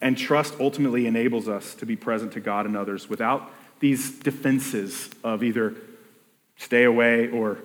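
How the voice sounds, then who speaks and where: This pastor preaches his sermon conversationally, often restarting sentences and voicing people's inner thoughts aloud. His pitch is medium, his speed normal, and the sound carries the echo of a big room.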